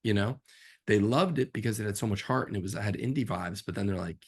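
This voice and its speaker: A man, a film director as guest, telling stories from his career in a casual, animated interview. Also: fairly low pitch, fast, slightly rough. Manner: animated, acts out quotes in a raised voice.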